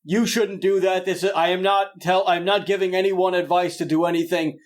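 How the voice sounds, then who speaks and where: A man's voice: high-pitched, flat delivery, normal speed. A young man hosting a podcast in a rambling, jokey, self-deprecating way. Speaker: podcast host. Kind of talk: casual podcast chat.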